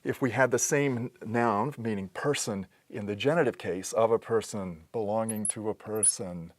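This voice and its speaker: A man giving a patient recorded lesson on accenting Greek words, explaining step by step with pauses and restarts. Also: on the low side, no echo. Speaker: teacher.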